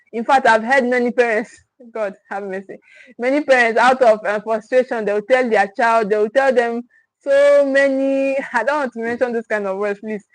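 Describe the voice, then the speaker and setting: A woman's voice: a little high, moderate pace, dry recording, rough recording. A woman, a parenting coach teaching on a livestream, stressing and repeating her key points and checking in with viewers. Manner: emphatic, repeats key phrases; speaks directly to the viewers, with check-ins.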